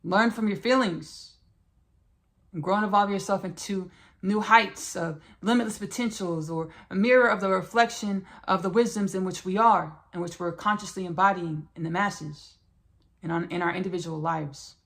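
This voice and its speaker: A woman's voice: medium pitch, normal speed, creaky. A woman hosting a spiritual podcast monologue who repeats her phrases and talks straight to her listeners as "y'all" and "baby.". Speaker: podcast host.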